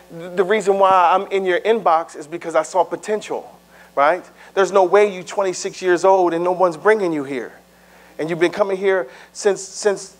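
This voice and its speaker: A middle-aged pastor preaching a sermon in a conversational way, with stammered restarts, swinging from loud, high bursts to low, hushed asides. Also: male voice.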